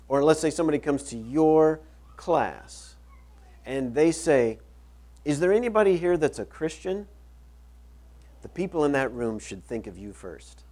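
A middle-aged man delivers a sermon as a pastor, reading scripture aloud and repeating key phrases to drive them home. His voice has a gravelly edge and a dark, mellow tone. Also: mid-range voice.

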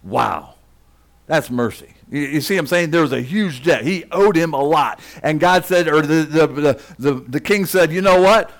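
A man's voice: fairly high pitch, animated, normal speed. A man preaching a sermon to his congregation, reading scripture and breaking off into casual asides to listeners in the room. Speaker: pastor.

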